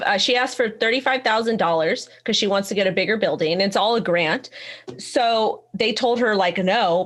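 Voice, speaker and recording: A woman co-hosting a casual live stream, telling rambling stories with restarts and frequent giggles. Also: medium pitch. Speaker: co-host.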